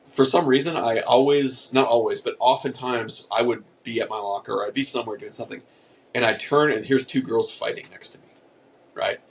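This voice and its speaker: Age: adult. Sex: man. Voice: gravelly, mid-pitched. Style: rambling podcast storyteller. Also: fairly quick, slight background noise, rough recording. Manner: rambling storyteller, deadpan asides. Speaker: podcast co-host. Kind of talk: casual chat.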